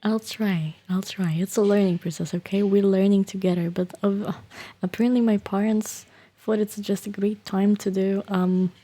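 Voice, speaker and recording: A woman streamer talking softly and half-whispering to her chat from her bedroom, hesitant with many restarts. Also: medium pitch, steady tone, moderate pace. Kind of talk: soft-spoken whispered chat. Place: bedroom at home. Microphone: desktop streaming microphone.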